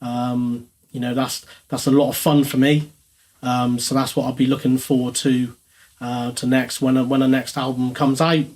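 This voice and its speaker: A man, a touring band musician, giving a thoughtful interview answer with many pauses and ums. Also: mid-range voice, flat delivery, darkish tone.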